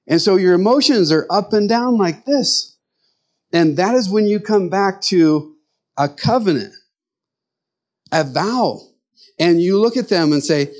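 Middle-aged male pastor, easygoing sermon delivery, lively storytelling voice. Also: on the high side, moderate pace. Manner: conversational, animated storytelling with quoted voices.

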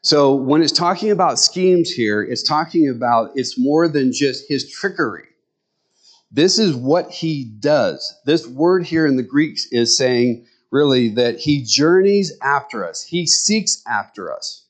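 A man's voice: mid-range voice, lively intonation, unhurried. A middle-aged man preaching a sermon in a conversational way, with joking asides to the congregation. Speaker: pastor.

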